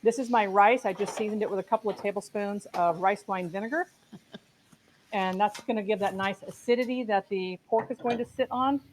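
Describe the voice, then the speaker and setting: A woman competing as a cook on a live stream, lively and teasing, explaining her dish step by step. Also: mid-range voice, brisk, slight background noise, poor audio. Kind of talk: casual chat.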